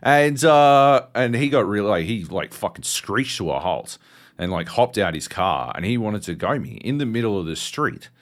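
An Australian man in his thirties co-hosting a casual podcast chat. He tells stories with lots of swearing. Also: normal speed. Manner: animated, swearing storyteller, jumps high in pitch for quoted outbursts. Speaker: podcast co-host.

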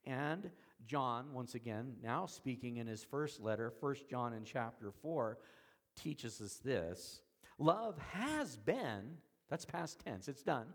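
A man preaching an expository sermon, shifting from soft, slow lines to loud emphatic ones, with folksy, self-deprecating asides. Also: mid-range voice. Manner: dramatic swings between soft and emphatic, slows on key words. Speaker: pastor.

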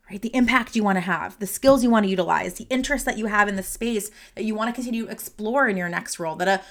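A woman hosting a solo podcast as a career coach, talking unscripted, earnest and rambling, speaking straight to her listeners into a desk microphone. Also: mid-range voice. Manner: earnest, rambling, heartfelt, addresses listeners directly; animated, gestures while talking.

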